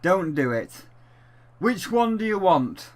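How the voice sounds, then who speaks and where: A man's voice: high-pitched, very animated, takes it slowly. A man reviewing a video game in a sarcastic, exasperated way, with plenty of swearing.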